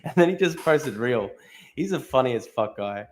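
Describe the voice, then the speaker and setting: A man's voice: mid-range voice, expressive, normal speed. Profane young man livestreaming. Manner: profane, laughing, scrolling and reacting to posts. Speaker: livestream host. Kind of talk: casual livestream chat reading comments.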